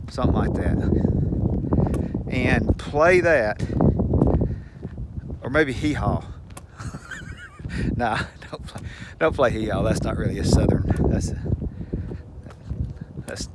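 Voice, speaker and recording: In a mid-range voice, a man who hosts a channel chuckles his way through a rambling, homespun story aimed at the camera. The recording was made at home, and a faint hum sits behind him.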